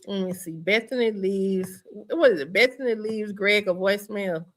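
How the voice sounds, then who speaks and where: A woman's voice: medium pitch, normal speed. A woman hosting a casual reaction show, chatty and emphatic, repeating her points. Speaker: show host.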